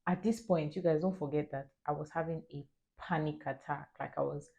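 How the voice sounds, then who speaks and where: Low-voiced woman vlogging casually. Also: brisk, creaky, dull audio. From Nigeria. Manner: chatty, animated storytelling with laughs. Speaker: lifestyle vlogger. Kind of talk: casual get-ready-with-me chat.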